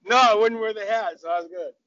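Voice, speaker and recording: An older man from Southern California with an American accent appears as a cricketer guest in a casual interview, telling stories chattily, laughing, and restarting often. His voice is high-pitched, fast, bright, and forceful, with no echo, though the lo-fi audio sounds dull.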